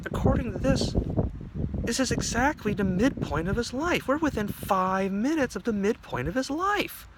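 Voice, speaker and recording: A man's voice: very high voice, lively intonation, moderate pace, background noise, voice pushed up. A man voicing an alarmed male police officer in a told story, urgent and raised.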